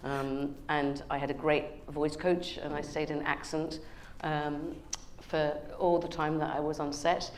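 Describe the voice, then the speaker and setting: A woman's voice: sits low, flat delivery, a little slow, slight background noise. A woman with a British accent, an actress guest talking in a remote live TV interview, hesitant with many ums. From England and Ireland. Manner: hesitant with many ums, hearing audio feedback. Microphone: remote earpiece link.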